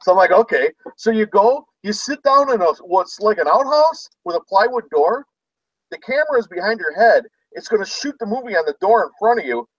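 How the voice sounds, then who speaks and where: A man hosting a casual chat among resellers, telling an animated story and acting out people's shouts. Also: high-pitched, a little fast, no room sound, far from the mic, dull audio. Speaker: host.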